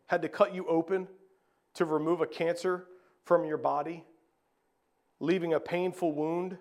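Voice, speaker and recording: A man preaching a sermon, reading scripture and asking rhetorical questions, swinging between a raised voice and a hushed one. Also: on the high side. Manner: reads scripture aloud, repeats phrases.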